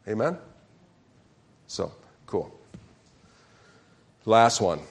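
A man's voice: lowish voice, unhurried, long pauses, slight background noise. A man preaching a sermon as pastor, calling questions out to the congregation and acting out sample prayers.

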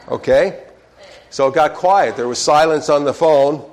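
Pastor man with a higher voice. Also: unhurried. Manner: lively storytelling, asks the crowd questions, frequent "okay?". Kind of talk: sermon with a told joke.

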